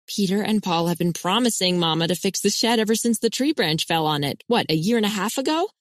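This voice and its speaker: A woman voicing a cheerful, chatty young woman in an audiobook, talking in a lively way. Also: medium pitch, a little fast, dry recording, clean studio sound, close to an everyday voice. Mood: amused. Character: cheerful young woman, teasing about her brothers.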